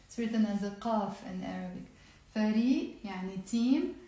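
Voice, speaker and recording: A woman's voice: medium pitch, mellow, distant mic. Patient woman teacher in an echoey room. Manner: patient, repeats words slowly. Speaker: language teacher. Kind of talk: online language lesson.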